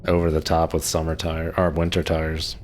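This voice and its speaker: A man's voice: extremely low pitch, completely flat delivery, moderate pace, a little hiss or hum. A man in his thirties from Maryland, chatting casually while live-streaming a game, rambling with lots of filler words. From Maryland, USA. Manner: rambling, laid-back, heavy on "like" fillers.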